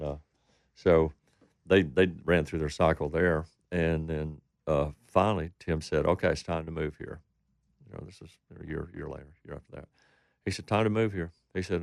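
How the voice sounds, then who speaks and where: Rumbling low and gravelly, a male country singer from Texas rambles through stories in an interview, quoting people in their own voices. The studio-quality audio has no echo.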